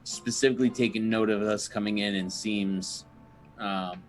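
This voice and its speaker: Low, hesitant man at a game table. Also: steady tone, normal speed, faint music behind. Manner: hesitant, stumbling. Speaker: player. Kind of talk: casual tabletop play.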